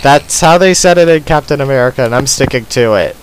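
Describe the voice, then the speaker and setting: A man's voice: medium pitch, brisk, clean tone, low-quality recording. A man hosting a let's play, giving casual gaming commentary in a sarcastic, self-deprecating mutter.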